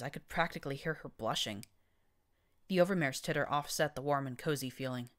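A woman reading a first-person story as an audiobook narrator, in measured, even storytelling. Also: low voice.

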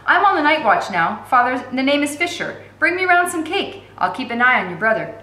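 A woman's voice: high voice, sing-song, fairly quick, bright, forceful tone, echoey room, full character voice. A woman doing a big, hungry British soldier. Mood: businesslike. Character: huge hungry male British soldier, friendly and greedy.

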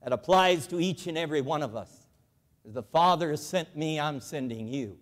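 A man with a high, lifted voice gives an evangelical convention address in a large auditorium. He tells folksy stories and makes emphatic calls to his audience. The long reverb of the hall trails after his words. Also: animated, normal speed. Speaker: convention speaker, former bank president.

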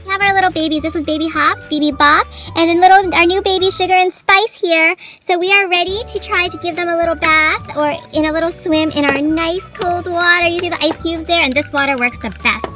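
High-voiced chirpy toy show host. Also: female voice, steady tone, fairly quick, hardly any pauses, bright, forceful tone. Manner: chirpy, sing-song, exclaiming. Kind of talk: toy play narration. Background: music.

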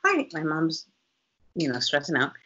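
A woman with a slightly husky voice tells a personal story in an easy, conversational way. Her pitch swings all over as she acts out what each person said. The sound is dull and lo-fi. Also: normal speed. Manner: animated, lively, acts out quotes in other voices. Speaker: guest. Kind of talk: casual storytelling.

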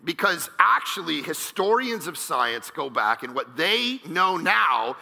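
A male pastor preaching a sermon, energetic and joking, now and then bursting into shouts. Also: a little high, a little slow, vocal fry, in a large hall. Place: large church auditorium.

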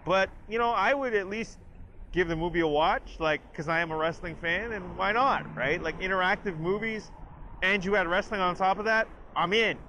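Chatty bright-voiced man reviewing a trailer. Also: high-pitched, moderate pace, slight background noise. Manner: chatty, lots of "like" and restarts; animated retelling with quoted lines. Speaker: host of a review channel.

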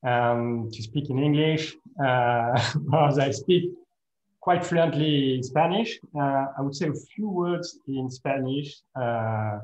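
A man's voice: mid-range voice, slow pace, darkish tone, roomy sound, poor audio. A man with a French accent giving a conference talk over a video call, hesitant and full of fillers, with a self-deprecating laugh. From France. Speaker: guest speaker, lawyer and professor. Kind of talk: conference presentation.

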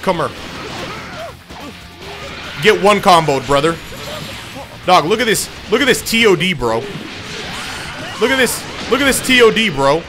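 A man's voice: high voice, very animated, moderate pace, long pauses. A young man giving joking, slangy commentary on his gameplay. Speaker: gaming YouTuber. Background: game music.

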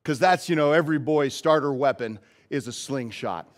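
A man's voice: medium pitch, normal speed. A male pastor giving a casual, story-driven sermon in a church.

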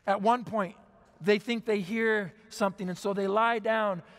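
A man preaching at a conference, telling a dramatic story and dropping to a hush at key moments. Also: high-pitched, steady tone, a little slow. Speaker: conference speaker. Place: large auditorium. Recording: long hall reverb.

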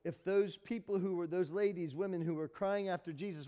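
A man preaching a sermon as pastor, dramatic and swinging from loud to hushed. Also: high-pitched, steady tone, fairly quick, long reverb tail. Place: church hall.

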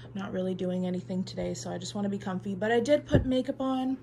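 A woman's voice: mid-range voice, fairly even intonation, fast, gravelly, warm tone, slight background noise. A young adult woman vlogging casually to her phone camera, confiding and chatty, with many fillers. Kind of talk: casual vlog talk to camera.

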